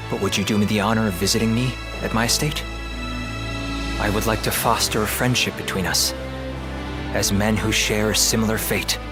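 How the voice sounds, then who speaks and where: A courteous, scheming court strategist in a game, as a man plays him, making a polite and persuasive case. His voice sits a little low. Loud game music plays behind him. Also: steady tone, normal speed, close to an everyday voice. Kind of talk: game voice acting.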